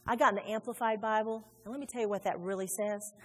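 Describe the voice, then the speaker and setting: A woman pastor preaching a sermon in a large church, animated and conversational, acting out little quotes as she goes. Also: mid-range voice, fast talker. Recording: reverberant hall with faint music.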